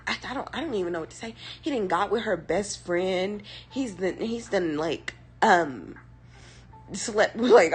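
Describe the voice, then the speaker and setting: A young woman streamer chatting casually, with sassy, slangy, rambling commentary in a breathy, husky voice. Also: medium pitch. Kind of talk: casual chat.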